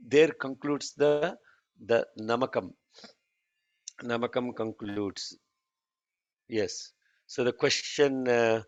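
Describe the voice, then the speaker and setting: A man leads an online chanting lesson, speaking slowly and patiently correcting students, then demonstrating lines himself. His voice comes through dull, lo-fi and dry, like a call recording. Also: mid-range voice, no room sound. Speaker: chanting teacher.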